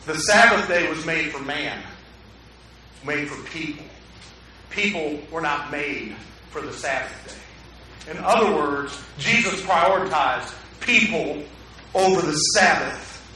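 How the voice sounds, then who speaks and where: A pastor preaching a sermon in a conversational way, often putting questions to the congregation, in a church sanctuary. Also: male voice, fairly high pitch, takes it slowly, bright, forceful tone, slight background noise. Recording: echoey hall, mic at a distance.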